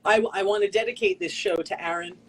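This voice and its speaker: An American woman guest on a video call tells her stories with earnest feeling, slipping into little voices for the people she quotes. Her voice is husky and sits in the middle of the range. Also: mid-range voice, fairly even intonation, a little fast, poor audio. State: tearful. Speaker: guest performance artist. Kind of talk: casual interview storytelling.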